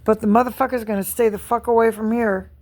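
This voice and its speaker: Middle-aged woman vlogger, slightly high voice, furious profane rant. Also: steady tone, quick pace, a little mellow. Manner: angry, profane, repetitive venting. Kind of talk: ranting vlog monologue.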